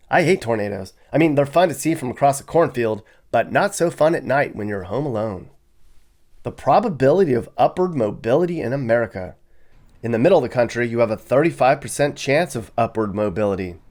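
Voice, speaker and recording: A man's voice: medium pitch, a little mellow. A young man giving casual, sarcastic commentary on a series of maps, chuckling as he goes. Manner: wry, sarcastic, chuckles often. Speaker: vlogger.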